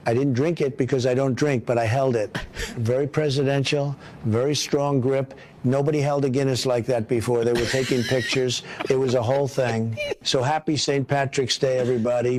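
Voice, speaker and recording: A man's voice: medium pitch, slight background noise, natural voice. A man impersonating a boastful rambling president. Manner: bragging, repetitive superlatives, comic deadpan. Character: boastful rambling male president, self-praising. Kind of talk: comedic impression sketch.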